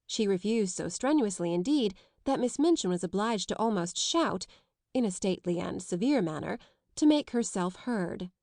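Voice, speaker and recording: A woman narrating a classic children's novel in a measured storytelling voice. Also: mid-range voice, lively intonation, darkish tone, dry recording, studio quality. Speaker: audiobook narrator. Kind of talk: scripted narration.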